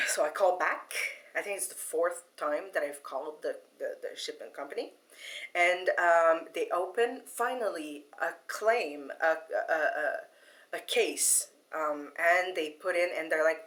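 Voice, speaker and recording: A woman telling a long story to her viewers in a casual, animated way, laughing often, with many fillers and restarts. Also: fairly low pitch, unhurried. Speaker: vlogger.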